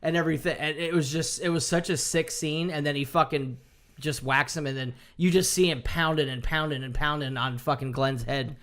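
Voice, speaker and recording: A man in casual chat, excitedly recapping a TV episode, swearing often and acting out the characters' lines. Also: a little high, fairly quick. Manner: excited, swears a lot, acts out quotes. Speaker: podcast co-host.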